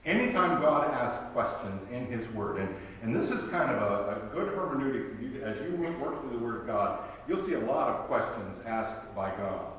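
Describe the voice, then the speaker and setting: A pastor preaches a conversational sermon in a church sanctuary, full of wry humor and emphatic rhetorical questions. His animated, medium-pitched voice is fairly bright and moves at a moderate pace with few pauses. It is picked up from far off in a very echoey church hall, with slight background noise.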